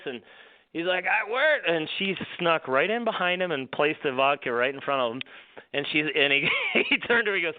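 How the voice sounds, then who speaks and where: A male golf professional, a guest, telling stories in a rambling, animated way with many restarts. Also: mid-range voice, fairly quick, no room sound. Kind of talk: storytelling on a radio show. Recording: dry phone line.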